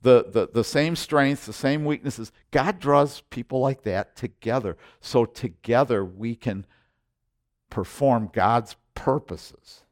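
A middle-aged man preaching with intensity, hammering his points through repetition and quick restarts. His voice sits in a middle pitch, and he delivers the sermon in an emphatic, direct way. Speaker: pastor.

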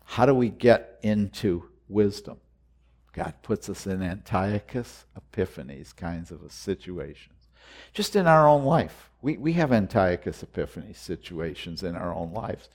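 Male preacher, sermon, slow deliberate delivery, earnest, repetitive, quiet musing rising to loud urging. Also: sits low, expressive.

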